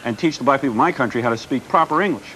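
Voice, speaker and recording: An American man, a radio host guesting on a TV studio show, brash and needling with deadpan provocations. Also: mid-range voice, very fast, background noise. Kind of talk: provocative talk show banter.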